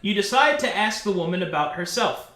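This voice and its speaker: A man narrating a tabletop game as game master, telling the story in an unhurried way with fillers. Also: high-pitched, animated, bright, forceful tone. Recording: echoey room.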